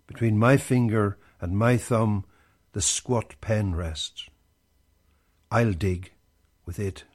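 A man reading a poem aloud in a measured, deliberate recitation. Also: on the low side, darkish tone. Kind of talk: slow poetry reading.

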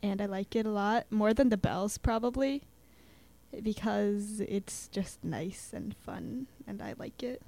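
A woman's voice: mid-range voice, a little slow, mellow. A young woman chatting casually as a student guest, with lots of fillers, acting out little quotes as she talks. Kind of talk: casual chat about poetry.

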